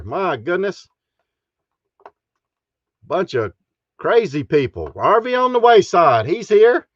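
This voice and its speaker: A man's voice: high-pitched, fairly bright tone, dry recording, lo-fi sound. Folksy man hosting a live stream. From Texas. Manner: folksy, chuckles often. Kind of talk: casual live stream chat.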